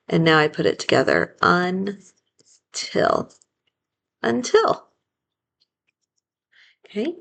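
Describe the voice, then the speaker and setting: A woman teacher giving a phonics lesson, slowly sounding out each word syllable by syllable and modeling the spelling aloud. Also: low voice, gravelly. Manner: slow and deliberate, sounding out syllables.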